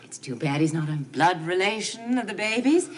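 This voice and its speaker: A woman's voice: fairly low pitch, expressive, moderate pace, a little hiss or hum, lightly acted. A woman playing a gushing, affected rich young woman. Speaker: soap opera character. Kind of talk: 1970s TV soap opera acting.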